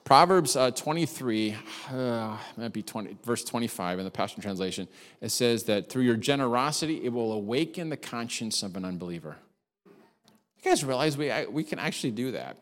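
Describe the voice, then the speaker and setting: A man preaching a sermon as a pastor, telling stories in a chatty, animated way with self-deprecating humor. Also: mid-range voice, moderate pace. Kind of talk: sermon with storytelling. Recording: hall reverb.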